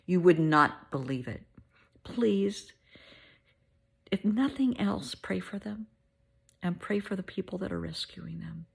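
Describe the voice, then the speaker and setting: A middle-aged woman hosting a heartfelt pep talk, soothing and motherly, sometimes dropping to a soft whisper. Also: lowish voice, animated, normal speed, creaky, husky. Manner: soothing, motherly, calls listener honey; drops to soft whispers at times. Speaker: host.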